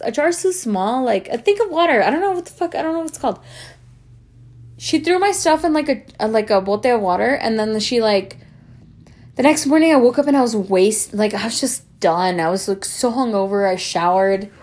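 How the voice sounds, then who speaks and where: A young woman who grew up speaking tells a long personal story in a casual, animated way, swearing and acting out what others said. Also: on the high side, moderate pace. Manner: animated, swearing, acts out quoted voices.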